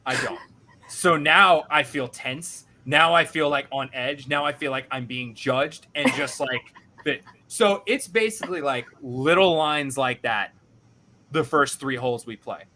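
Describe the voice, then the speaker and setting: A young man hosting a podcast, telling a story in an animated, self-deprecating way and acting out what others said. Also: mid-range voice, measured pace, slight background noise. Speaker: podcast host. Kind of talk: casual storytelling.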